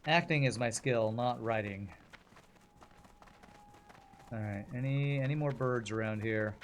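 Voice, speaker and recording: A man's voice: medium pitch, a little slow, background noise. A male streamer chatting casually while he plays, in a jokey, self-deprecating way. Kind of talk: casual chat while playing a game.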